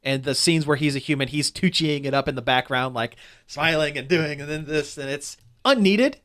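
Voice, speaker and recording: Chatty man reviewing a movie, slightly high voice. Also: normal speed, a bit bright. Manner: rambling, restarts a lot, critical movie review. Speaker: podcast co-host. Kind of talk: casual chat.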